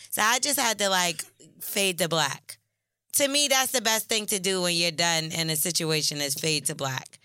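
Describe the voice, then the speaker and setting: A woman's voice: medium pitch, normal speed, sharp tone, clean tone, no echo, clean studio sound. A woman co-hosting a podcast, chatting loosely with profane, laughing banter. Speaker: podcast co-host. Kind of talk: casual chat.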